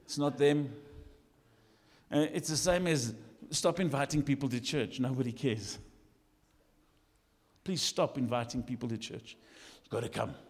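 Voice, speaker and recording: Lively preacher in a hall. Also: male voice, medium pitch, a little slow, long pauses. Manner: animated, jokey, swings from shouting to quiet asides. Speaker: lead pastor. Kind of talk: sermon. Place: church hall.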